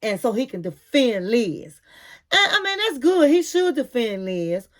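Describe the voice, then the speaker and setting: A woman's voice: on the high side, sing-song, a little slow. A woman recapping a reality show in a casual, gossipy chat, calling her listener honey.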